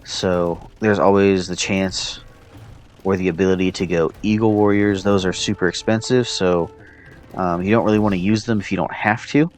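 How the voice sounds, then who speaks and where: Low-voiced man talking through his game. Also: normal speed. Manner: relaxed, thinking aloud with fillers. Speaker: player commentating his own match. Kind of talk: casual gameplay commentary.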